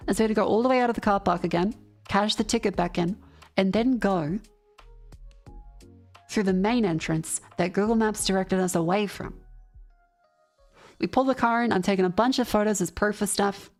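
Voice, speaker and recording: A woman's voice: mid-range voice, normal speed, faint music behind. A young Australian woman chatting casually on a stream, telling a rambling, sweary road-trip story and reading out chat.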